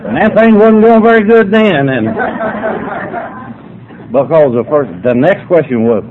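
A man's voice: a little high, unhurried, long pauses. An older man, telling humorous stories at a sobriety meeting in a folksy, drawling way. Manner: folksy, drawling yarn-spinner. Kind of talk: humorous storytelling to an audience. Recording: tinny phone-like recording, faint noise.

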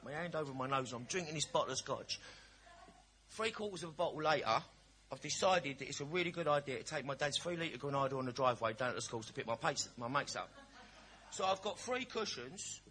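A man's voice: fairly high pitch, sharp tone, a little hiss or hum. A man giving a frank, humorous personal testimony at a recovery meeting. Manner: candid, storytelling, cheeky humour.

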